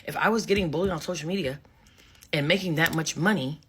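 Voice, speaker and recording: A woman's voice: low-pitched, fast talker, a bit bright, a little hiss or hum. A woman giving a blunt, emphatic casual commentary rant, hammering points home by repeating phrases. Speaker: social media commentator.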